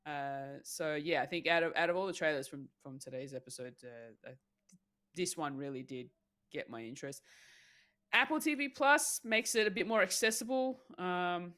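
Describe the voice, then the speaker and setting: A woman's voice: low-pitched, moderate pace, fairly bright tone. A woman co-hosting a podcast, giving her take in a casual, thoughtful way with plenty of fillers. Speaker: podcast co-host.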